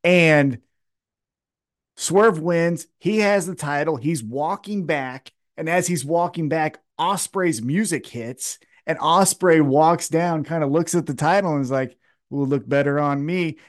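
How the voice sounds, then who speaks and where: A man with a slightly raised pitch talks through wrestling storylines in casual podcast chat. He swears freely and slips into the wrestlers' voices to act out their lines. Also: a little slow. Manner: animated, profane, acts out wrestlers' lines. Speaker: podcast co-host.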